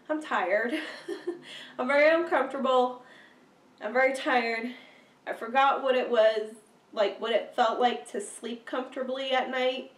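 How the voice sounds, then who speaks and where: Recorded from a distance, this young woman vlogger has a voice that sits high and a stuffy, cold-affected sound. She laughs often and uses plenty of fillers in a casual update, with roomy, somewhat off-mic audio.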